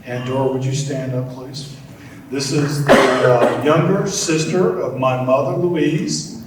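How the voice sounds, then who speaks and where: Older male honoree, warm storyteller, far from mic in a very roomy hall. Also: mid-range voice, fairly even intonation, takes it slowly, noisy background. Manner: heartfelt, storytelling, gentle humor. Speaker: award honoree. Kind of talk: acceptance speech. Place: large event hall.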